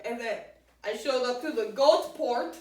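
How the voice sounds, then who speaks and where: A woman playing an absurd, boastful talk-show guest, rambling deadpan in an improvised comedy sketch. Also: on the high side, measured pace, natural voice. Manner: rambling, deadpan, breaks into giggles. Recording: echoey room, far from the mic.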